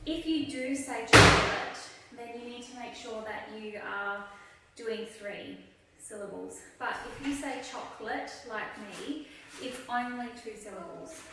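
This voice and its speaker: A young adult woman, a literacy educator patiently explaining a classroom activity step by step with examples. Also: on the high side. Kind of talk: instructional video demonstration. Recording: echoey room, voice from a distance, faint noise.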